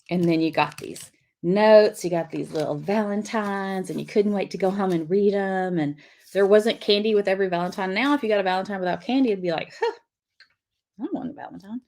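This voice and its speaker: In a mellow, medium-pitched voice at a moderate pace, a middle-aged woman runs a live-streamed lettering class. She chats casually and reads out viewer comments as she draws.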